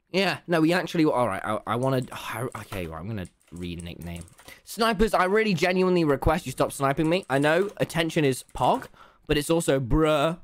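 A man's voice: fairly high pitch, a little fast, faint music behind. A young man casually telling a story on a livestream, jumping into voices for the people in it. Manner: animated, mimics others with voice jumps.

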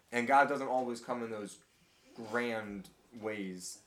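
A man leading a casual Bible study discussion, talking in a halting way with many fillers and restarts. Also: mid-range voice, roomy sound. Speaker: group study leader.

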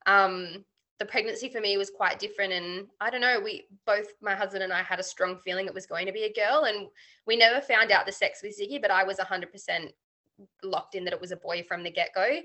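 An Australian woman in her thirties talks openly as an interview guest. Her voice is bright and forward, and her speech is loose and chatty, full of fillers. She sits at a middle pitch. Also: steady tone, brisk. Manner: chatty, warm and candid, with many fillers. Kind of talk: casual interview chat.

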